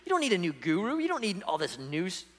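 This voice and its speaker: A man's voice: high-pitched, wildly swooping pitch, quick pace, in a large hall. A man preaching a sermon as pastor, emphatic and conversational, often checking in with the congregation. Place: church sanctuary.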